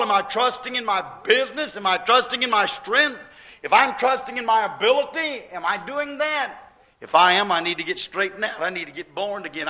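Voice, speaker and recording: A man's voice: high voice, bright, forceful tone, poor audio. A man preaching a sermon in a folksy, emphatic way, repeating his points with plain homespun speech.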